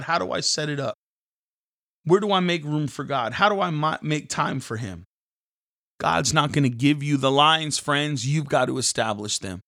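Devotional podcast host, male, lively preachy storyteller with a slightly high pitch. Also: no echo, studio quality. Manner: animated, casual, preachy.

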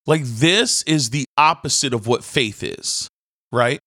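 A man, a minister hosting a faith podcast, who talks casually and rambles through animated stories. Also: medium pitch, slow pace, no room sound, clean studio sound.

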